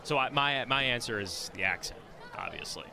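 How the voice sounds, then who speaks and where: A man's voice: mid-range voice, moderate pace, gravelly. Laid-back man reading listener emails on air. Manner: relaxed, joking, laughs easily. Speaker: color commentator. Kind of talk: casual broadcast banter, reading listener emails. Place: outdoor ballpark broadcast booth. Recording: outdoor ballpark crowd behind. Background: ballpark crowd.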